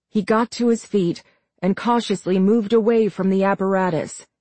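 Slow-reading female audiobook narrator. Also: medium pitch, darkish tone, no echo. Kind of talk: scripted narration.

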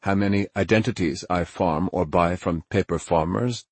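A man's voice: deep voice, moderate pace, slightly rough, dry recording. A man voicing a crude, menacing male smuggler who talks in a sneering, boastful, vulgar way, read as an audiobook character. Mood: incredulous.

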